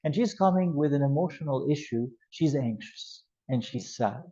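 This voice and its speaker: Male lecturer, mellow and slightly high voice, lively classroom delivery, muffled lo-fi sound. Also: normal speed. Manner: animated, acts out scenarios with voice changes. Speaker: youth ministry instructor. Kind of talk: classroom lecture with role-play examples.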